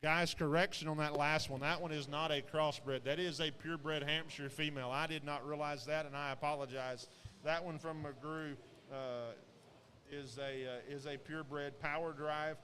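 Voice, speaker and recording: Man, sale-barn commentator, higher voice, rambling folksy delivery, long hall echo. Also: fairly even intonation, normal speed, pushed and bright, a little hiss or hum. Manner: rambling, folksy, frequent fillers and restarts. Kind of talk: live auction commentary on show pigs.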